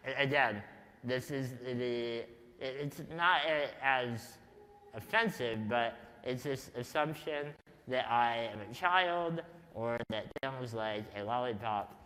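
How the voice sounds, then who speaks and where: A man giving a talk at a conference, telling stories in a slow, deliberate, wry way. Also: mid-range voice, pushed and bright. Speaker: conference speaker. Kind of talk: storytelling talk to a live audience. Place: large conference hall. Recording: reverberant conference hall.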